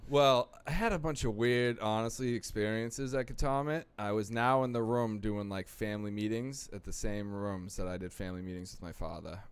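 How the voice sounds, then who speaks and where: A young man telling his recovery story in casual talk, animated and acting out the people he quotes. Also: on the low side, moderate pace, few pauses, clean tone. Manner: animated, acts out quoted voices. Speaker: podcast guest.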